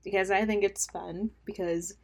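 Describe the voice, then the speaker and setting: A woman's voice: mid-range voice, fairly even intonation, normal speed, darkish tone. Young woman, podcast host, casual chat, rambling, self-mocking, laughs at own jokes. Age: young adult. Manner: drops into mumbled asides.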